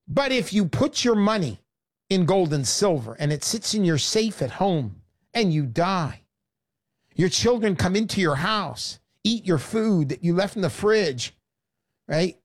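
A woman hosting a sarcastic, animated sales pitch monologue. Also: a little slow.

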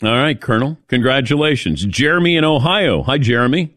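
A man's voice: medium pitch, fairly quick, no echo, clean studio sound. A man hosting a sports talk radio show, taking calls and giving opinionated takes. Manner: opinionated, lively.

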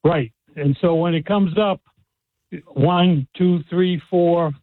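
A man's voice: high-pitched, slow pace, dry recording. Man, boston accent, radio caller, phone-line audio, laid-back. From Massachusetts. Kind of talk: phone-in chat.

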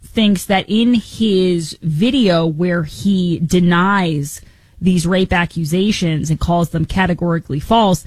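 A woman's voice: on the low side, slow, darkish tone, no echo, poor audio. A woman hosting a political talk show, giving opinionated commentary with incredulous rhetorical questions.

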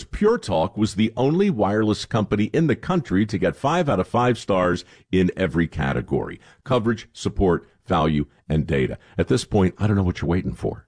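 A man's voice: lowish voice, darkish tone, dry recording, clean studio sound. A man reading a radio advertisement in an upbeat delivery. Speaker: ad spokesman. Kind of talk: radio ad read.

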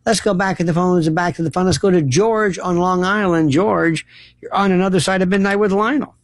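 A man hosting a late-night call-in radio show, theatrical and effusive, bantering with callers and signing off. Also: high-pitched. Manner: theatrical, effusive, quick asides. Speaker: radio talk show host.

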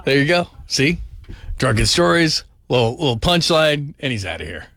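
A man hosting a late-night call-in sports radio show, upbeat and quick, reading out the call-in number. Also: mid-range voice, big pitch swings, fairly bright tone, no echo. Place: radio studio. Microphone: studio mic.

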